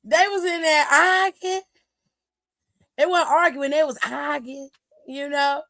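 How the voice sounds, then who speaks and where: A woman host giving a sassy, gossipy recap of a wrestling show in casual chat, retelling it with lively energy. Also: high voice, measured pace. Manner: sassy, gossipy, exclaims "child" often; animated retelling with lively quoted voices. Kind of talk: casual chatty commentary.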